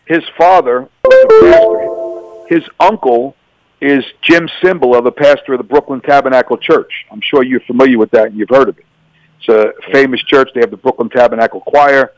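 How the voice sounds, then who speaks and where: A man's voice: mid-range voice, moderate pace, no room sound, faint music behind, rough recording. A middle-aged man from New York giving a personal testimony as a radio interview guest, telling his story and acting out both sides of the dialogue.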